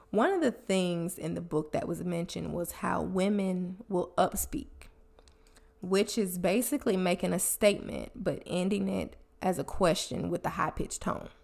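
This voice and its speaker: A woman's voice: fairly low pitch, gravelly, a little mellow. A woman hosting a solo podcast, talking casually and chattily as she gives communication tips and admits her own habits. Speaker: podcast host. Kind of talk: solo podcast advice talk.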